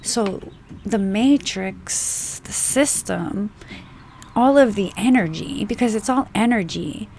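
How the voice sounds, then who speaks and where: Slow, gravelly-voiced woman preaching. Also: medium pitch, a little mellow, slight background noise. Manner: emphatic, swears for stress, slow deliberate phrasing. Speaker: spiritual channel host. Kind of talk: unscripted spiritual monologue.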